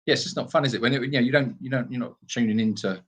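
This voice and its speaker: A man's voice: medium pitch, very fast, breathy edge. British man chatting, rambling with fillers. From Britain. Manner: rambling, with many fillers and restarts. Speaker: sanctuary co-host. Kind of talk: casual live Q&A chat. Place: animal sanctuary.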